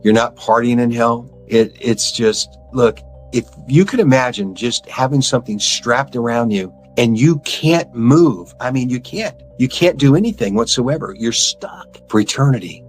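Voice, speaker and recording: A man of average pitch tells his own story as an interview guest, earnest and intense. He often restarts and repeats his words as he pushes through. Soft music plays faintly behind him. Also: lively intonation, moderate pace, poor audio. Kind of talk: earnest personal testimony.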